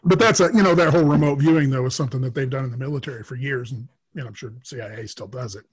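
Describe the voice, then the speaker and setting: A middle-aged man with a husky, somewhat breathy voice speaks as a podcast guest. He tells casual stories at an ordinary pitch. He rambles and fills his pauses as he goes. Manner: rambling, many filler pauses. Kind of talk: casual storytelling interview.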